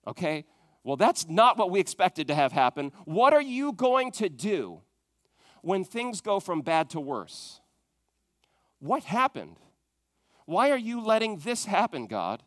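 A male pastor preaching a sermon, talking straight to his congregation with questions, rising to loud emphatic peaks and dropping to hushed tones. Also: high-pitched, very animated, unhurried, no room sound, studio quality.

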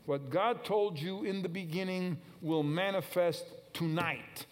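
A man's voice: high-pitched, a little slow. A male preacher giving a sermon, emphatic and repetitive, calling out to the congregation and waiting for answers. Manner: emphatic, repetitive exhortation with call-and-response.

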